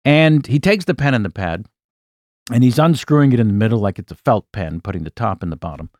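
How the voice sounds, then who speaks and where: A man in his sixties, a comedian guest, telling an anecdote in an animated way, with asides and self-corrections. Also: lowish voice, fairly quick, no room sound, studio quality. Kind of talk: anecdotal storytelling in an interview.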